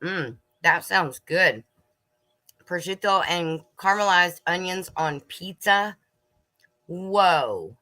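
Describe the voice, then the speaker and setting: A middle-aged woman hosting a casual homestead livestream, chatting warmly with viewers, laughing and snacking as she talks. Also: on the low side, expressive, slow pace. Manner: chatty, laughs and munches while talking to viewers.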